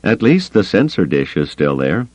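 A man voicing a gruff, sardonic middle-aged smuggler pilot who growls his blunt remarks, in an audiobook. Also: lowish voice, big pitch swings, moderate pace, darkish tone, dry recording, pitched above the performer's own voice, poor audio. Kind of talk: audiobook character voice.

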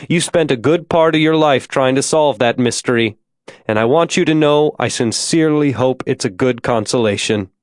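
A man reading an audiobook, voicing a calm male professor who speaks in a measured, ominous way. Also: mid-range voice, no room sound, clean studio sound, close to an everyday voice. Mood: cold.

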